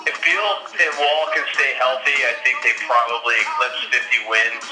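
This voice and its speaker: A man co-hosting a sports podcast in casual chat, relaxed and hedging, laughing often. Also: medium pitch, moderate pace, roomy sound, over music, low-quality recording. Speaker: podcast co-host.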